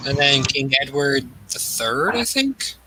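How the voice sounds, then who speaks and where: A man hosting a gaming channel, chatting casually and excitably, thinking aloud with lots of fillers. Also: medium pitch, a little slow, background noise. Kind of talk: casual chat while gaming.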